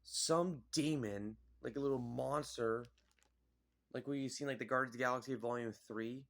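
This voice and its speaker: Rambling casual man, mid-pitched, loose recap delivery, heavy on fillers. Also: normal speed, creaky, fairly bright tone. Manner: rambling, filler-heavy, lots of "like" and "you know". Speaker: vlogger.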